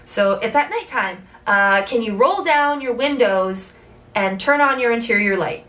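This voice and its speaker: Animated high-voiced woman telling a story. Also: measured pace, recorded from a distance, low-quality recording. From Canada. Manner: animated, swearing, acts out quotes with big pitch jumps. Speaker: vlogger. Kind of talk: casual storytelling.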